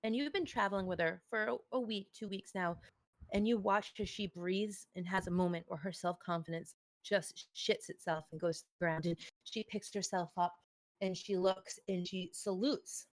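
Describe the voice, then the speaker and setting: A woman narrating as game master, telling the story in a measured, storytelling manner. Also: medium pitch, dry recording.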